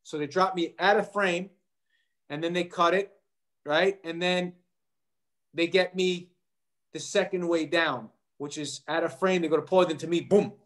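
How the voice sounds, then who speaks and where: A middle-aged man, an actor guest in an interview, telling a story in a lively way and acting out the voices of people he quotes. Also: high voice, a little slow, long pauses. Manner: animated, acts out quoted voices.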